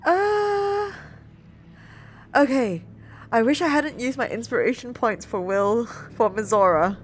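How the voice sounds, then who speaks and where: Excitable woman commentating gameplay. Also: a little high, normal speed, a little hiss or hum. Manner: chatty, excitable, apologetic. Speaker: let's play streamer.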